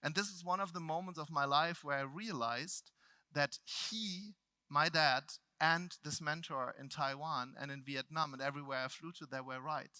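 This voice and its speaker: A middle-aged man from Germany with a German accent, telling a personal story to a live seminar audience. He swings between loud outbursts and quiet reflection. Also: fairly high pitch, moderate pace, clear, resonant tone, no echo. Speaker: motivational speaker.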